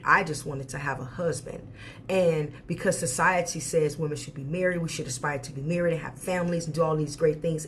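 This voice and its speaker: Woman vlogger, candid storytime rant, emphatic and profane, faint hiss. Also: deep voice. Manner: candid, emphatic, swears freely. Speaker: storyteller recounting her marriage.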